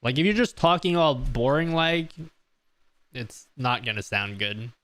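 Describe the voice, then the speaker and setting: A man's voice: mid-range voice, expressive, a little slow, a bit bright, no room sound. A man live-streaming a casual question-and-answer session, joking, laughing and reading his chat aloud from a close desk mic. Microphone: close desk mic on an audio mixer.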